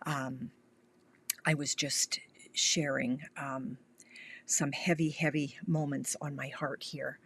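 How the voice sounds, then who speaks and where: An older woman from Canada leads a home craft live stream, her voice low and gravelly. She chats in a friendly, reassuring way, often slipping down to a near whisper. A faint hiss sits under the recording. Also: level tone, slow, fairly bright tone. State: has the hiccups. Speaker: independent craft demonstrator.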